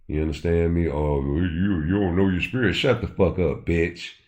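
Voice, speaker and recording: A deep, mellow-voiced man from Chicago rants on a livestream at a moderate pace. As host he keeps it loose and profane, speaking directly to his chat.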